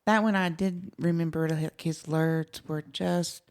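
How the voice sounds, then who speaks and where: A woman's voice: low voice, steady tone, a little slow, a little mellow. A woman with a light Southern accent, a paranormal investigator speaking hesitantly in casual podcast chat. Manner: hesitant, repeats words.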